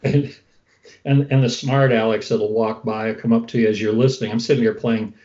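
A man's voice: medium pitch, fairly even intonation, fairly quick, darkish tone. A man hosting a podcast, chatting about gigs in an amused, storytelling way. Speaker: podcast host and guitarist. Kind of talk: casual chat. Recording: dull lo-fi sound.

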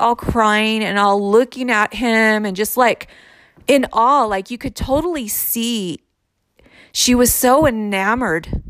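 A woman casually telling a personal story in a reflective, unhurried way, often saying "like". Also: fairly high pitch, fairly bright tone, no room sound. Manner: unhurried, reflective, heavy use of "like". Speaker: storyteller sharing her own experience.

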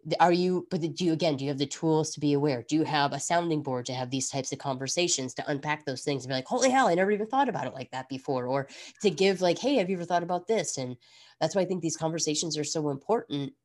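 Here a podcast host in her thirties talks quickly in a deep voice. The conversation is relaxed and introspective, full of side remarks, with an animated, meandering delivery.

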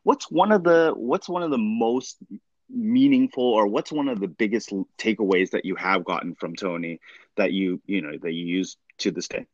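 Deep-voiced man hosting an interview. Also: normal speed, dry recording, dull audio. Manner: soft affirming interjections. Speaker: podcast host. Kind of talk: casual interview.

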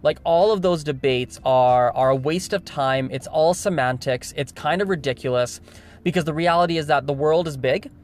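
A man's voice: a little high, moderate pace, a little hiss or hum. Male vlogger, casual monologue, emphatic with lots of restarts. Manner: emphatic, repeats words, restarts often. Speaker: video host.

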